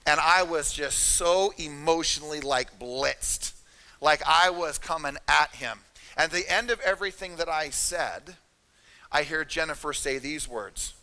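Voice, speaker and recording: Bright-voiced man speaking in a hall. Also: on the high side, measured pace. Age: middle-aged. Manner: energetic, emphatic, addresses audience directly. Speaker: motivational speaker at a real estate seminar. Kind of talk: live motivational talk. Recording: reverberant hall.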